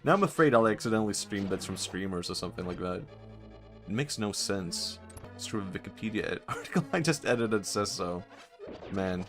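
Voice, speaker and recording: Male streamer, lowish voice, rambling giggly banter, faint game music under. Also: lively intonation, a little fast, a bit bright. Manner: rambling, giggly, riffing on silly bits. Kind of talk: casual gameplay chat.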